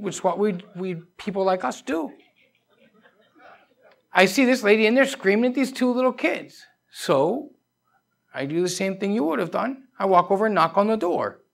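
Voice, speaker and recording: Guy pastor with a gravelly voice preaching in church, chatty style, keeps asking the congregation stuff and telling his own stories. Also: on the high side. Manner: talks straight to the congregation, pressing questions and personal stories. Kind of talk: conversational sermon. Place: church sanctuary.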